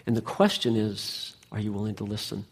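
A man's voice: lowish voice, little pitch movement, a little fast, gravelly, husky. A man preaching a sermon as pastor, with emphatic delivery that rises and falls.

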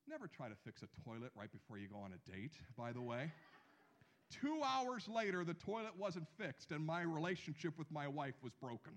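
A man in his thirties preaching a sermon, animated, with slow emphatic phrases and drops to near a hush. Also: a little high. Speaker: pastor.

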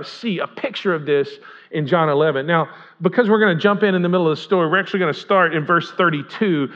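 A pastor delivers a sermon in a casual, talkative way, often checking in with the room through questions. His voice sits high for a man. The recording has a muffled, lo-fi quality. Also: fairly bright tone. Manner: conversational, asks the congregation questions. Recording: dull lo-fi sound.

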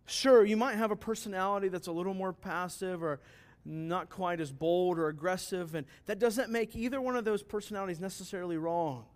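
A man's voice: high-pitched, brisk. A man pastor preaching a sermon, earnest and emphatic, often asking rhetorical questions and answering them.

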